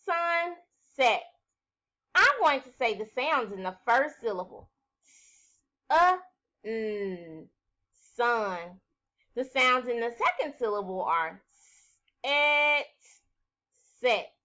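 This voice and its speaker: A woman teacher giving a recorded phonics lesson to young children, speaking slowly and clearly, sounding out words and praising her class. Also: a little high, animated, pushed and bright.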